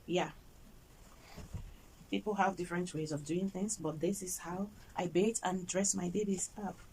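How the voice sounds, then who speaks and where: A young woman from Nigeria with a Nigerian accent, a mother chatting softly and gently about her baby-care routine in a home vlog. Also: lowish voice, steady tone, normal speed, a little hiss or hum, poor audio. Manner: soft, gentle and chatty, talking to baby and viewers in turn. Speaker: mother and vlogger.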